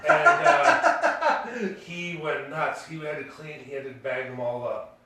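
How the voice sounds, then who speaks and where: A man's voice: fairly high pitch, animated, takes it slowly, gravelly, pushed and bright. A man, co-hosting a podcast and telling a story casually, rambling with fillers and restarts. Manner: rambling, full of fillers and restarts, laughing at his own story. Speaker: podcast co-host. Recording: echoey room, distant mic.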